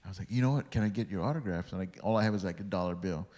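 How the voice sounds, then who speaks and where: A man's voice: low-pitched, steady tone, very fast, darkish tone, big-room sound. A man guesting on a podcast, telling rambling stories full of swearing and acted-out quotes. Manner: rambling, swears freely, acts out quoted dialogue. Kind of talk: casual storytelling chat.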